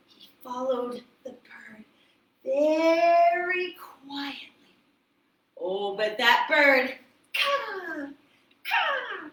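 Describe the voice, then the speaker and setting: A woman telling a folk tale to preschoolers while leading ballet moves, animated and sing-song. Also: high-pitched, echoey room, far from the mic, poor audio. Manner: animated, sing-song storytelling with movement cues. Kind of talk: storytime ballet class for young children.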